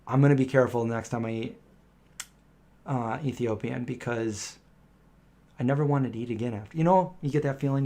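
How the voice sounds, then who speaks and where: A middle-aged man chats through a live viewer Q&A. His voice sits at an ordinary, mid-range pitch, and he wanders from story to story, slipping into the voices of the people he describes. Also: darkish tone. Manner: rambling anecdotal storytelling, acting out quoted voices. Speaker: live stream host answering viewer questions. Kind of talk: casual live Q&A chat.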